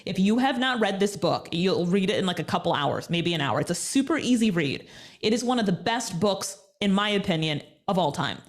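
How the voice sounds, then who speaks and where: An energetic woman speaking as an interview guest, her voice at an ordinary middle pitch. She talks in a motivational, emphatic way, pressing her points home with conviction. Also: brisk. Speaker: guest, media personality. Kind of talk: conversational interview.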